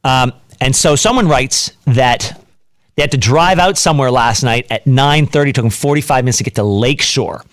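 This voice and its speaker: Male radio host, mid-pitched, dry close studio sound, opinionated and rambling. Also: normal speed, no room sound. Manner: chatty, opinionated, rambling with fillers. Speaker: radio talk show host. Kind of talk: casual radio talk.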